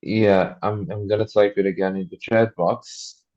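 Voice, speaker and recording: A man's voice: lowish voice, fairly even intonation, normal speed, no room sound, lo-fi sound. A man moderating an online conference session, keeping his remarks brief and reading audience questions aloud.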